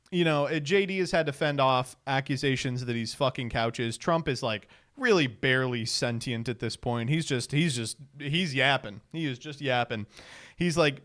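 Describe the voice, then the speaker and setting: Animated sarcastic man riffing on clips. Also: on the high side, clear, resonant tone. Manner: sarcastic, laughing, swearing freely. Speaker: streamer host. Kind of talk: casual commentary on clips.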